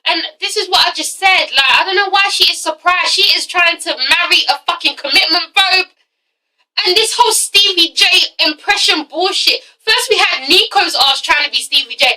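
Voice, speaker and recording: A woman's voice: very high voice, moderate pace, pushed and bright, distant mic, poor audio. A young woman reviewing a TV show, blunt and profane with exasperated asides. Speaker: TV review vlogger. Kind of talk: casual ranting review.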